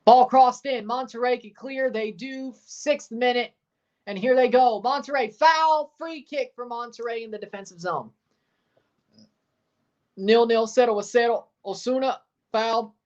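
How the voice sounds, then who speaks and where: A woman's voice: fairly high pitch, unhurried, a little mellow, lo-fi sound. A woman doing casual play-by-play of a football match on a livestream, calling the action and sassily answering her chat. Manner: sassy, talks back to chat. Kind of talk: watchalong play-by-play and chat replies.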